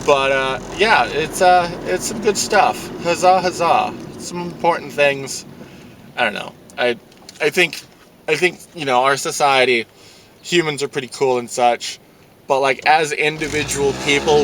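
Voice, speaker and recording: A man vlogging from his car in a parking lot, ranting sarcastically and swearing, breaking into mocking high yells. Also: moderate pace, very noisy. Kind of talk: casual vlog ranting while driving.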